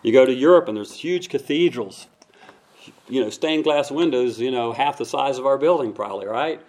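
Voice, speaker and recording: A man's voice: mid-range voice, moderate pace, darkish tone. A man preaching a conversational sermon to his congregation, acting out voices now and then. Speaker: pastor.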